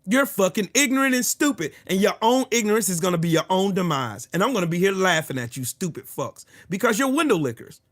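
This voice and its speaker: Furious profane man ranting, high-pitched. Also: big pitch swings, fairly quick, few pauses. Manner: furious, profane, shouting at commenters. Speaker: live-stream host. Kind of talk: angry political rant to live chat.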